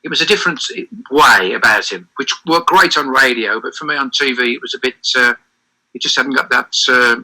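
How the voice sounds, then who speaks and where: A man's voice: medium pitch, fairly quick, bright, forceful tone, low-quality recording. An older man, giving an interview as a guest and telling long anecdotes with many restarts and self-corrections. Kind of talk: reminiscing interview over a call.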